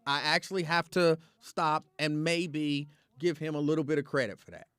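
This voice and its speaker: A man hosting a casual live talk show, reacting to viewer comments with emphatic, repetitive opinions in relaxed slang. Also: a little high, normal speed, clear, resonant tone, no echo. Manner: opinionated and emphatic, repeats his points.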